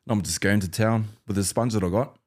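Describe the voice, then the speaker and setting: A man's voice: lowish voice, fast. A former fighter from New Zealand, a man telling fight stories in a casual interview, acting out banter with laughter. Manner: animated storyteller, acts out fight banter and laughs. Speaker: former UFC fighter, guest.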